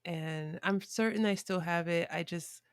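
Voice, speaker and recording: A woman's voice: on the low side, unhurried, no room sound, clean studio sound. A woman guest on a podcast, telling a childhood story in a reflective way, with frequent restarts and fillers. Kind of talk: conversational storytelling.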